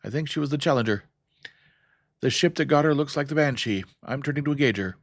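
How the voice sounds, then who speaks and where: A man reading as a tense starship captain in the middle of a space battle. He bites off his words in quick, staccato bursts, pitched well above the gravelly narrator. The voice is loud and pressing, as if he is calling in over a ship's screen. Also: no echo, clean studio sound, natural voice. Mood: urgent. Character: clipped, urgent male starship captain.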